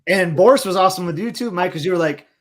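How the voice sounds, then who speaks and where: A man's voice: high voice, fast talker, crowd noise. A man co-hosting a podcast, talking in an enthusiastic, rambling casual chat. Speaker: podcast co-host.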